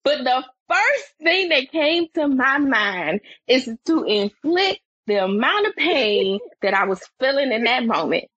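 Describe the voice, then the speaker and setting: Woman guest on a chatty podcast, super expressive, leisurely delivery, dry close sound. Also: measured pace, few pauses, slightly rough, no echo, dull audio. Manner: expressive, voice climbs higher when excited. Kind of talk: animated storytelling in casual chat.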